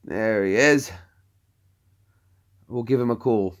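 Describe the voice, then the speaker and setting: A man's voice: mid-range voice, slow pace. A man hosting a casual livestream from his phone, rambling and often restarting his sentences. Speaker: livestream host.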